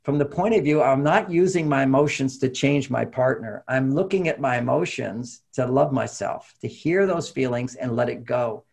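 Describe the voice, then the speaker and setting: A man, a relationship author, talking in an animated conversational way as an interview guest. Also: mid-range voice, normal speed, vocal fry, few pauses, slightly rough. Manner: animated, acts out quoted voices, laughs often.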